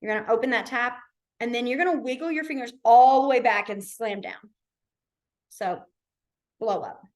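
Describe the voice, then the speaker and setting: Woman, young adult, sign language teacher, chatty, filler-heavy, slightly high voice. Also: moderate pace. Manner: chatty, lots of fillers, demonstrative. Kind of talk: casual online class instruction.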